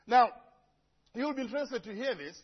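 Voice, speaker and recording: High-voiced husky man from Africa, preaching. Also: normal speed, dull audio. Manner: lively storytelling with humorous asides. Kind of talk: sermon. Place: church before a congregation.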